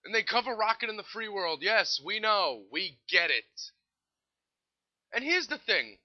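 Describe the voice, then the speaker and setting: A man's voice: high-pitched, very animated, measured pace, highs cut off. A man hosting his own podcast, ranting sarcastically and swearing as he vents about a band his listeners keep mentioning. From United States. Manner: sarcastic, exasperated, swears freely. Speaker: podcast host. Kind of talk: casual solo podcast rant.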